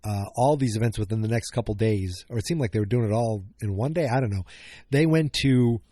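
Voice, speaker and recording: A man's voice: lowish voice, fairly quick, mellow, no echo, clean studio sound. A man hosting a podcast, recapping an episode in a casual, rambling way, often correcting himself and cracking jokes. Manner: rambling, self-correcting, jokey. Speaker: podcast host.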